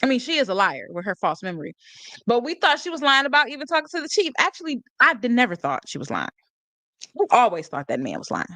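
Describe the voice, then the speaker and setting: A woman's voice: fairly high pitch, wildly swooping pitch, fast, bright, forceful tone, no room sound. A woman hosting a live stream, talking about a court case in a casual, sarcastic way, laughing often and reading out chat comments. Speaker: livestream host.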